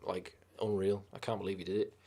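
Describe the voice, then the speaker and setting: A man with a lowish voice talks loosely on a live stream and rambles from one film to the next. He swears freely and gets carried away with enthusiasm. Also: little pitch movement, a little fast, warm tone. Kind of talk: casual live-stream chat.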